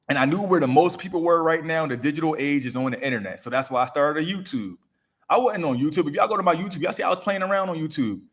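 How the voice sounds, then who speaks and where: A man's voice: on the high side, fairly bright tone. A man giving an emphatic, repetitive motivational coaching talk on a live stream, speaking into a microphone. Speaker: raw vegan coach.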